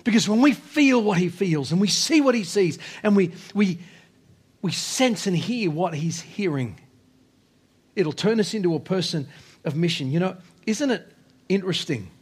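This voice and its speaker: A man preaching a sermon as pastor, impassioned, repeating phrases, swinging between loud exhortation and hushed low lines. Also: animated, moderate pace, husky.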